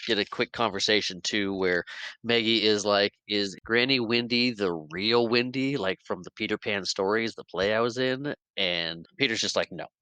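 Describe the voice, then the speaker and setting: Male podcast co-host, lower voice, bright tone, animated movie recap on a dry mic. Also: normal speed, clean tone, dry recording, poor audio. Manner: animated retelling, acts out character lines with laughs. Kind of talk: casual movie recap chat.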